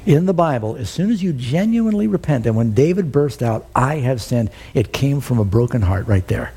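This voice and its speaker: A middle-aged man preaching a sermon, telling the story with animated, acted-out quotes. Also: mid-range voice, moderate pace, creaky, husky. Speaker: pastor.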